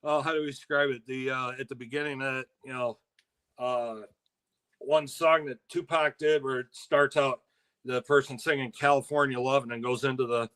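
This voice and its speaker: A man's voice: mid-range voice, fairly even intonation, normal speed, fairly bright tone, clear, resonant tone. An older man co-hosting a casual talk stream, easygoing, with fillers and frequent laughs. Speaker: co-host. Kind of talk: casual chat.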